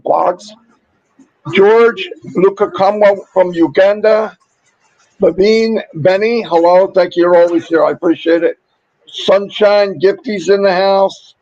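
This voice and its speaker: A man with a fairly high voice hosts a casual livestream, upbeat and chatty as he rattles through shout-outs. His voice is wearing thin from overuse. The sound is dry and a little muffled, with no room echo. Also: vocal fry. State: losing his voice. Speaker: livestream host.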